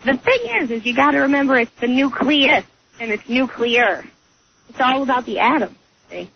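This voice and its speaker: Radio caller, female, high voice, matter-of-fact, dull lo-fi sound. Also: lively intonation, moderate pace, vocal fry. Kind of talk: radio call-in. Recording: dull lo-fi radio with faint noise.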